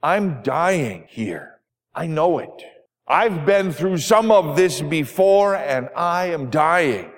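A man's voice: on the high side, expressive, slow pace. A man voicing a frail, dying older woman who complains sharply and bitterly, with a long hall reverb. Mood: upset, bitter.

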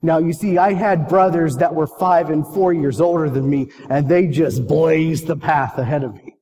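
A man's voice: fairly high pitch, normal speed, mellow. A man preaching a sermon, telling a personal story and asking the congregation earnest questions. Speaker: pastor. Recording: long reverb of a hall.

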